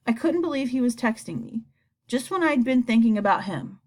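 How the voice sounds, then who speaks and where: A woman narrating a children's story aloud in an expressive reading voice. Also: a little high, a little fast. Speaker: narrator, audiobook reader.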